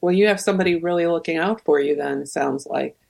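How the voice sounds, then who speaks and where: A woman's voice: deep voice, fast, gravelly, a little mellow. A woman guest on a radio talk show, speaking hesitantly with many ums and uhs. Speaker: guest researcher. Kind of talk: radio interview.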